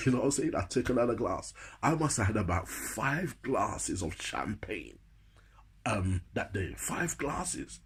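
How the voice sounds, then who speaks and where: A man's voice: fairly low pitch, sing-song, a little slow, fairly bright tone, slightly rough. A man with a Jamaican accent telling a funny story in a chatty way, laughing often and asking "you know what I'm saying". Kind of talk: casual comic storytelling.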